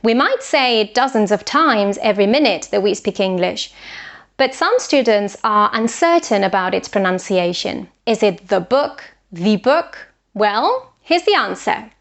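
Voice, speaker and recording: A woman giving an online English pronunciation lesson, explaining rules clearly and carefully modelling example words. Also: medium pitch, lively intonation, moderate pace, fairly bright tone.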